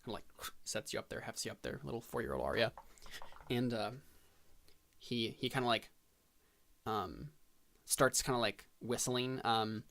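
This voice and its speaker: Halting man narrating a tabletop game. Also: mid-range voice, expressive, creaky, fairly bright tone. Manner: halting, full of fillers and restarts. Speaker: game master.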